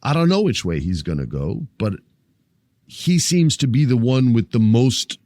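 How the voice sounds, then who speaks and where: A man's voice: measured pace, no echo. A man hosting a casual wrestling podcast, talking animatedly, swearing freely, joking with listeners and acting out wrestlers' lines. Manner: animated, acts out wrestlers' lines in higher, louder voice. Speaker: podcast host.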